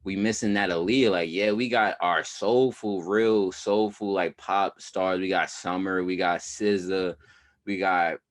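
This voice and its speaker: A man's voice: sits low, steady tone, unhurried. A young man co-hosting a podcast, chatting casually in slangy banter and laughing often. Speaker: podcast co-host. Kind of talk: casual chat.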